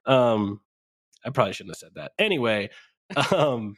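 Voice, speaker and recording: Lively-pitched man in casual banter. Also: a little slow. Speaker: podcast co-host. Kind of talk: casual chat.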